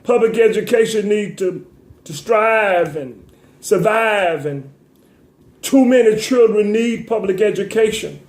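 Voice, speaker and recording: A man's voice: sits high, expressive, measured pace, reverberant. A man hosting a talk show, speaking in an emotional, tearful commentary with a preacher-like cadence, stammering and repeating words as he sniffles.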